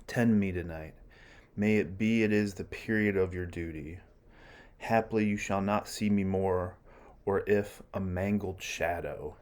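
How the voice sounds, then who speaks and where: A man reading aloud the lines of an aging Roman general in measured Shakespeare verse, during a lecture. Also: deep voice, steady tone, a little mellow. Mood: solemn. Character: male Roman general, aging, grandly mournful.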